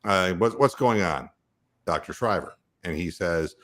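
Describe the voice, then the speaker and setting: An older man hosting a talk show, telling a story with big, lively leaps in pitch. He laughs often and drives the tale hard. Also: unhurried. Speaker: radio host.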